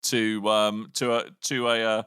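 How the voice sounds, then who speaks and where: A man's voice: lowish voice, flat delivery, measured pace, sharp tone, clean tone, no echo, studio quality. A man co-hosting a gaming podcast, joking and sarcastic in casual banter. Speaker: podcast co-host. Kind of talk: casual chat.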